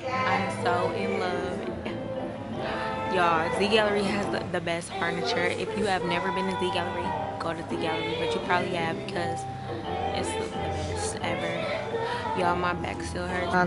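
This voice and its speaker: A woman's voice: on the low side, a little slow. A young woman in casual vlog chat, cursing freely and talking to her viewers as y'all, filming on a handheld phone at a mall and at home. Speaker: beauty vlogger. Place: shopping mall, then home. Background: loud music.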